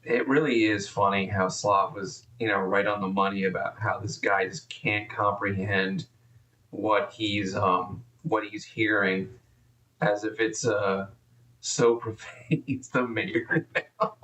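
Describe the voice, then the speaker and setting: A man's voice: fairly low pitch, steady tone, slow pace, sharp tone, echoey room, distant mic, a little hiss or hum. A man live-streaming and commenting casually, profane and rambling, easily exasperated.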